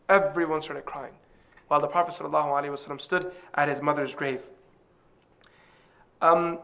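A male preacher delivers a religious lecture in a rapid, emphatic flow, dropping into recited Arabic quotations. His voice sits high and rings bright and forceful. He pushes through his points with steady intensity.

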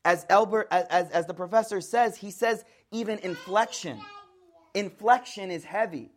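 An African American man from the United States giving a lively, conversational religious lecture, acting out voices to show tone. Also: high-pitched, moderate pace, a little hiss or hum. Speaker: Islamic teacher.

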